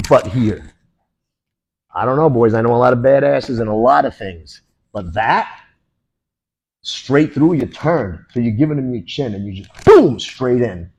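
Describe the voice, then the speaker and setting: A man teaching a martial arts class, walking students through moves and punctuating each strike with sounds like boom and bang. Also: a little mellow, breathy edge, rough recording. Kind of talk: hands-on demonstration to a class.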